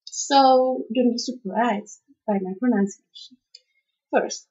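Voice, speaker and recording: Slow, hesitant woman with a Czech accent. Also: a little high, expressive. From Czech Republic. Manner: hesitant, many "uh" fillers, careful spelling-style pronunciation. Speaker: vlogger. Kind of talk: casual video reading a word list. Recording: dull lo-fi home video audio.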